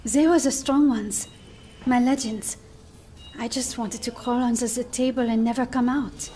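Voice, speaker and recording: An actress playing a shy, gentle young woman who speaks hesitantly. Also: on the high side, fairly even intonation, a little hiss or hum, close to an everyday voice. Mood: somber. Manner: hesitant, halting. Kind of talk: game cinematic acting.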